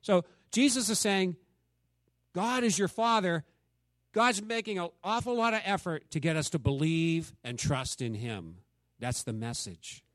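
A man's voice: a little high, moderate pace, fairly bright tone, no echo. A man leading a Bible study in a casual, conversational way, quizzing his listeners and acting out the quotes he reads. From United States. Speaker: church teacher.

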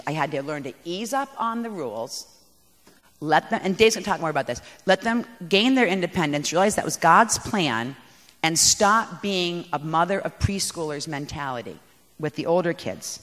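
A woman giving a talk on parenting to an audience, animated, emphatic and poking fun at herself. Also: fairly low pitch. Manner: animated and emphatic, self-mocking. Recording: echoey hall.

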